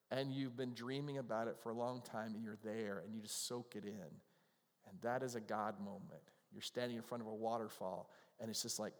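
A man preaching a sermon in a conversational, earnest way who is moved to emotion easily. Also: medium pitch. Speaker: pastor. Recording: long hall reverb.

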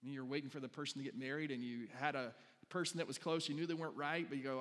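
A male pastor gives a sermon in a relaxed, conversational way, often turning to the congregation with questions. He acts out quoted lines with growing energy. His voice sits at an ordinary middle pitch and rings with the long reverb of a large church hall. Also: quick pace.

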